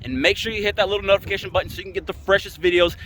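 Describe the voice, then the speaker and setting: A man selling and reviewing a car in a casual vlog, with an upbeat, salesy pitch and playful asides, filmed on a phone outdoors. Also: fairly even intonation, racing, fairly bright tone, slight background noise. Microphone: phone camera.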